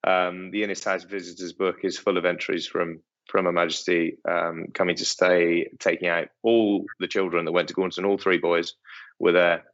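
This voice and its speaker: A man's voice: sits low, flat delivery, moderate pace, a bit bright. A middle-aged man who owns an estate, answering interview questions in a hesitant way with many ums and restarts. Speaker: estate owner, interview guest. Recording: dull lo-fi sound.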